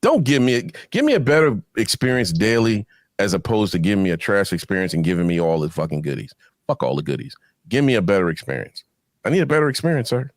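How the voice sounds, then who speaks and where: Low-voiced man swearing emphatically. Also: sing-song, fast talker, dry recording, studio quality. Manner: emphatic, crude, heavy swearing. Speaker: tech show co-host. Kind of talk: casual live-stream banter.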